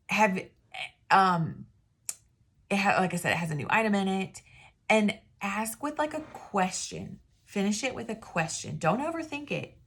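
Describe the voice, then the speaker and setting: Talking to the camera, a woman who works as an independent sales consultant offers loose, chatty sales tips, cutting herself off and drifting off track. Her mid-range voice is husky and fairly bright, with lively intonation at a moderate pace.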